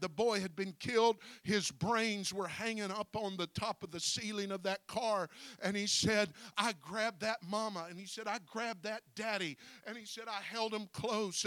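A man preaching a sermon as pastor, folksy and breaking his phrases with "uh", swinging from quiet storytelling to shouted preaching. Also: high voice, no room sound.

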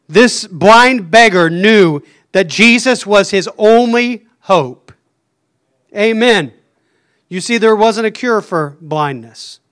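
A man's voice: high voice, fairly bright tone, clean tone. A man preaching a fervent sermon, stopping often to say "Amen.". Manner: fervent, punctuates phrases with "Amen".

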